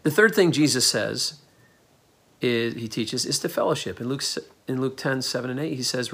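A man preaching a sermon, telling a scripture story in a lively storytelling way and acting out the people in it. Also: medium pitch, moderate pace, vocal fry, slightly rough. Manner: animated storytelling, acts out quoted voices. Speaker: pastor.

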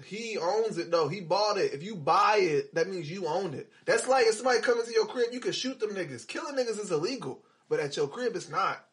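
A man co-hosting a podcast in casual chat, an animated storyteller who laughs through his lines. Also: sits high, fairly quick, hardly any pauses. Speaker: podcast co-host.

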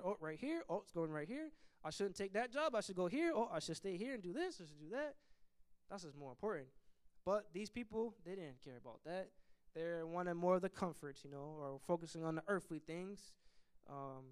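A man teaching a church Bible study in an animated preaching style. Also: sits high, smooth. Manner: animated preaching, acts out complaining voices.

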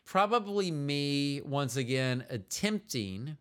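Chatty, rambling man with a smooth voice. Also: fairly high pitch, big pitch swings, takes it slowly, fairly bright tone. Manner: rambling, self-deprecating and joking, with many restarts. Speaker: podcast co-host. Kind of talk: casual chat with his partner.

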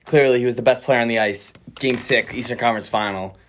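Rapid-fire young man, faint hiss. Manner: rapid, profane, jumps up in pitch when excited. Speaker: podcast co-host. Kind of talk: heated casual sports debate.

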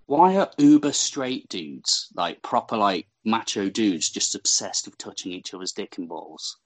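A man co-hosting a podcast, chatting about a film with wry questions and deadpan asides. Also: fairly low pitch, unhurried. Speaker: podcast co-host. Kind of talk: casual film recap chat.

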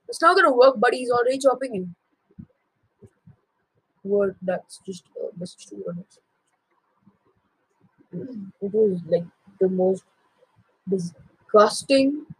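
A man's voice: high voice, expressive, slow pace, pauses often, husky, no room sound, rough recording. A teenage boy casually retelling a myth, with jokey asides and self-corrections. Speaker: storyteller.

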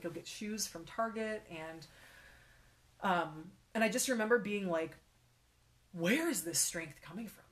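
Soft-spoken young woman telling her story. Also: fairly low pitch. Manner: emotional, halting, many fillers, drops to a whisper. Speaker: guest sharing her faith story. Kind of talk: personal testimony in conversation.

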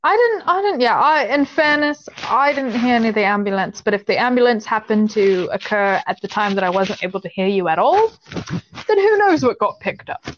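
A woman talks loosely in an unscripted chat, looping back and interrupting herself as she goes. Her voice sits a little high. The sound is dull and lo-fi, like a call recording. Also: animated, brisk, a little hiss or hum. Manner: rambling, self-interrupting, laughs often. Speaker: podcast co-host. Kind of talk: casual chat.

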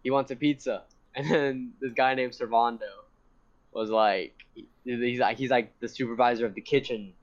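A man's voice: medium pitch, normal speed. Rambling young man telling a story. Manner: rambling, animated, profane, laughs often. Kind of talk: casual storytelling. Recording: dull lo-fi sound.

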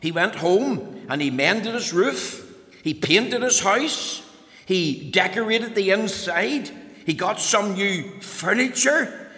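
A man tells a children's story in a lively way, asking the boys and girls questions as he goes. His voice is high and bright. It carries a long reverb, as if in a large hall. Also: takes it slowly. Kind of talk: telling a children's story aloud.

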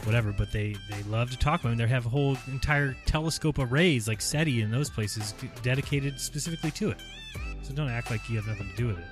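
A man's voice: medium pitch, fast. A man hosting a casual chat, reacting with mockery and exasperated sighs. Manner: mocking, exasperated, sighing "oh boy". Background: music.

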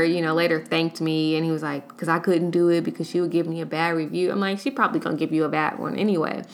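A woman's voice: on the low side, vocal fry, fairly bright tone. A young adult woman vlogging in a casual, chatty way, retelling stories with slangy asides. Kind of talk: casual storytime vlog.

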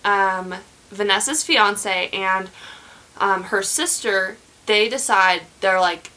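Young woman host rambling thru a true crime story, slow, lots of um and like, bright voice. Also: mid-range voice, rough recording. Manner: rambling, many fillers and restarts. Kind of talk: casual true crime chat.

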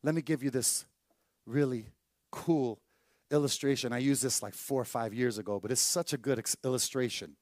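A man preaching a sermon as pastor, telling stories with lively acted-out voices and dropping to a hushed tone for emphasis. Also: mid-range voice, normal speed, dry recording, studio quality. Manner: animated storytelling preacher, acts out voices in anecdotes.

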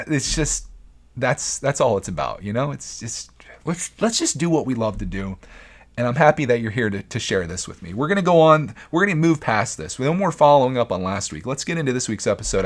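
A young man talks through his solo podcast in a loose, earnest way, circling back and restarting his sentences. His voice sits a little lower than most men's. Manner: rambling, earnest, frequent restarts. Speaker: podcast host. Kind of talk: casual solo podcast talk.

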